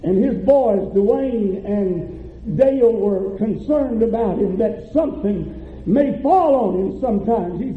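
A man preaching as pastor, telling a story with mounting fervor and drawn-out emphasis. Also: high voice, animated. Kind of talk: sermon. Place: church sanctuary. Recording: echoey church, tinny phone-like audio.

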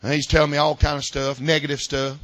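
High, bright preacher man. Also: level tone, fast, no room sound. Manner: folksy preaching, swings from loud shouted climaxes to quiet asides. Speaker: pastor. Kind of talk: sermon. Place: church service.

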